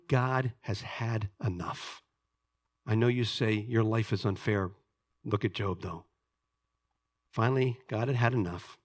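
A male pastor tells a story in his sermon, dropping to quiet asides and then rising to loud, urgent emphasis. His voice is bright and forceful, at a middle pitch. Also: slightly rough. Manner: storytelling, swings from hushed to loud emphatic preaching.

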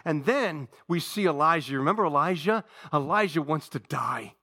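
A male pastor preaching a sermon with passion, dropping to a hush and then rising loud. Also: a little high, expressive, moderate pace. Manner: impassioned preaching, swinging between hushed and loud.

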